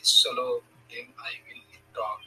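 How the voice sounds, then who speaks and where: A man from India, calling into a livestream and speaking haltingly, searching for words. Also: bright, forceful tone, faint music behind, poor audio. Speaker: caller on a livestream.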